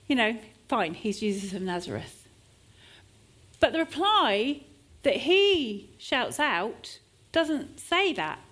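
A woman's voice: fairly high pitch, sing-song, slow, fairly bright tone. A woman preacher delivering a sermon at a church service, with shifting emphasis as she sometimes acts out desperate cries.

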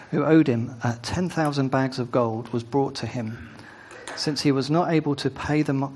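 Husky-voiced male preacher. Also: mid-range voice. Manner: conversational, with asides and tag questions. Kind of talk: sermon with scripture reading.

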